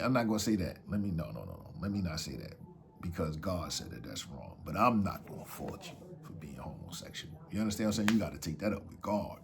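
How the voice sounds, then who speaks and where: A man's voice: on the low side, a little hiss or hum. A man telling a story from his past in casual street slang, acting out what others said in raised voices. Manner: animated, acts out quotes in raised voices.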